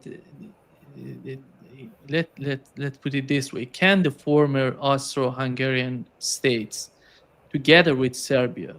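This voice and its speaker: Hesitant male interview host. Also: mid-range voice. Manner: hesitant, restarting questions. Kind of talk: interview questioning.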